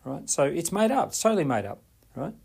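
A man's voice: fairly high pitch, very animated, fairly quick, creaky, a little mellow, husky. A man hosting a money podcast, telling a client story in a conversational way and often checking in with "right?". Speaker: podcast host and money coach.

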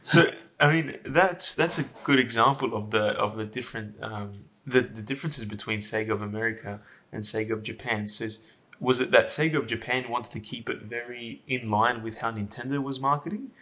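A man hosting an interview, asking long, halting questions full of restarts. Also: mid-range voice, bright, forceful tone. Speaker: interviewer, podcast host. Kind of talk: casual interview.

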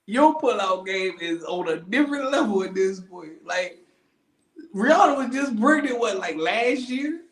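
A man with a high, very animated voice trades jokes in a relaxed conversation. He laughs a lot, repeats phrases and slips into quoted voices. The sound is roomy and echoey. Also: measured pace. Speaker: podcast co-host. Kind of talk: casual chat.

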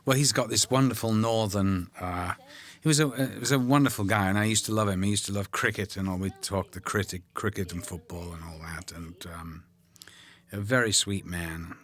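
An older man recalling making a film in a relaxed, rambling commentary, full of ums and drifting into whispers. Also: lowish voice, fairly quick. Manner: rambling, warm anecdotes, frequent ums, drops to whispers.

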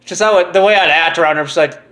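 A young man co-hosting a casual chat, telling school stories in an animated, laughing way. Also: on the high side, racing. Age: young adult. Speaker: podcast co-host.

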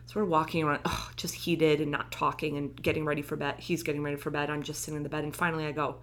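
A woman telling a personal story in casual chat, animated, acting out the lines of the people in it. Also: low-pitched, fast talker, few pauses.

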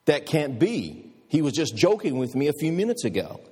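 A man putting on a loud brisk woman nurse. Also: a little high, big pitch swings, breathy edge, voice pushed up. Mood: disbelieving. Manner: loud, teasing, then shocked. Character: brisk cheerful woman nurse, middle-aged. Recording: reverberant hall.

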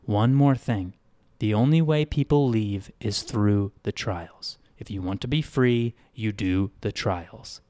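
A man voicing a calm young man who gives earnest, steady advice. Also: fairly low pitch, slow pace, no echo.

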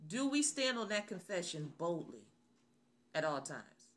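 A woman's voice: lowish voice, very animated, slow pace, long pauses. A woman host giving an emphatic radio sermon, repeating her phrases for emphasis. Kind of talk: radio preaching talk.

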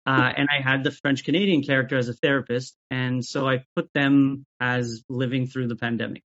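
A man talking as an interview guest about making sketches, even-keeled and often restarting his sentences. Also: medium pitch, fairly quick. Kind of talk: casual interview chat. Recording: dull lo-fi audio.

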